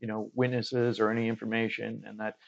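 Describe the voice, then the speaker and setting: A man from Canada, a guest medium, telling a story in casual conversation and acting out the dialogue with lively quoted voices. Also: fairly low pitch, a little fast, creaky, lo-fi sound. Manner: animated storyteller who acts out quoted dialogue.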